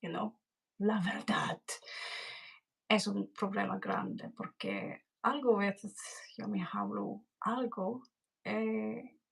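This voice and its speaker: A woman's voice: mid-range voice, slow, gravelly, pauses often, husky, poor audio. A woman doing a casual, rambling live-stream tarot reading, chatting with viewers and greeting them in Spanish. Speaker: tarot reader.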